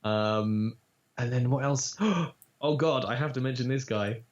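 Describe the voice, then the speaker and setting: A man who works as a voice actor, talking casually in an interview and telling animated stories, with quick demo voices. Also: medium pitch. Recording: dull lo-fi audio.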